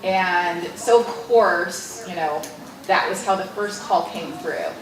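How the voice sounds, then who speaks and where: Animated author in an echoey hall. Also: female voice, fairly low pitch, takes it slowly. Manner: animated, laughs while telling stories. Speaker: author guest. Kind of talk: storytelling interview. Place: library event room. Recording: roomy, distant mic with background hiss.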